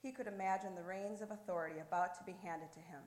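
Low-voiced woman reading a devotion. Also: fairly even intonation, fast talker, darkish tone. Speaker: devotional reader. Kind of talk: devotional narration and prayer. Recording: echoey room.

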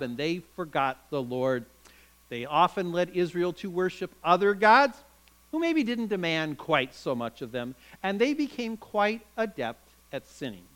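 A man's voice: high-pitched, a bit bright, clean tone, rough recording. A man preaching a sermon, retelling a story with dramatic, emphatic delivery.

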